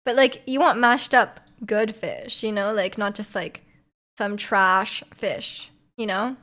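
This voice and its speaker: A woman's voice: medium pitch, fairly even intonation, slow pace, a bit bright. A woman, from Vancouver, chatting casually with her stream viewers in a rambling, giggly way full of fillers. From Vancouver, Canada.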